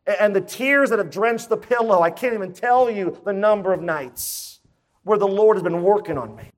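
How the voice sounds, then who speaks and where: High-voiced man preaching emphatically. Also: moderate pace. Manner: emphatic, conversational preaching with rhetorical questions. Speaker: pastor. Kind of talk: sermon.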